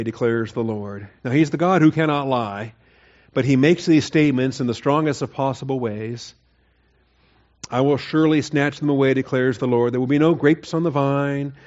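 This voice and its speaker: Preaching an expository sermon, this pastor talks conversationally before building to emphatic mock quotes. His mid-range voice has a darkish tone, and the recording's high frequencies are cut off.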